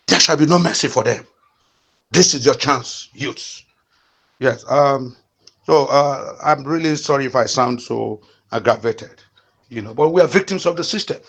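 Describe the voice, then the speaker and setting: A man's voice: mid-range voice, moderate pace, creaky, a bit bright. A Nigerian man in his fifties from the east of the country, hosting an impassioned political commentary in fiery, repetitive rallying calls broken by frequent fillers. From eastern Nigeria. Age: 50s. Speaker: channel host.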